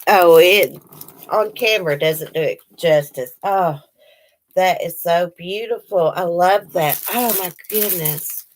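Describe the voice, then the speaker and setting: A woman's voice: lowish voice, slow pace, slight background noise, poor audio. A woman chatting casually to her viewers at home, gushing and apologetic. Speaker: vlogger opening mail. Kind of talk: casual chat to camera. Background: dogs barking now and then.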